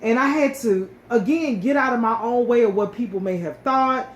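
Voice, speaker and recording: A woman's voice: on the high side, moderate pace. A woman telling a personal story in a casual, emotional way, often restarting and repeating words. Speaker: co-host sharing her story. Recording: echoey room with faint ambient noise.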